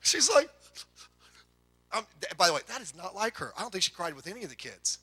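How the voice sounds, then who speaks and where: A middle-aged man preaching a sermon to a congregation, telling folksy family stories with quick asides. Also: high-pitched, expressive, sharp tone, slightly rough. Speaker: pastor.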